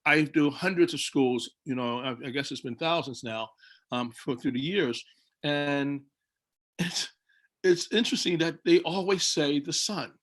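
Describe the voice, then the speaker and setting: A man, a children's book illustrator, telling stories on a video call and acting out his own lines. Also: fairly high pitch. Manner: animated storytelling, acts out his own quoted lines. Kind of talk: casual talk on a video call panel.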